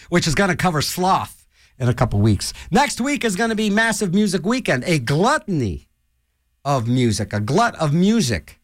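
A man's voice: fairly high pitch, very animated, normal speed, no room sound. A middle-aged man talking as a college radio DJ, rambling in a manic, jokey way with lots of fillers. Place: radio studio.

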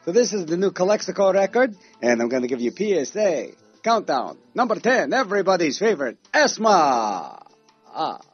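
A man spins records as a radio DJ, talking in a quick, joking patter that swings widely in pitch. His voice comes through a dull, lo-fi broadcast sound, with faint music underneath. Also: big pitch swings, husky.

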